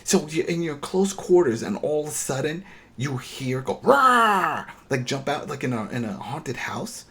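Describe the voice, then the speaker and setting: A man co-hosting a podcast, retelling a TV episode in a casual, animated and exasperated way, often restarting his sentences. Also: medium pitch, moderate pace. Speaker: podcast co-host.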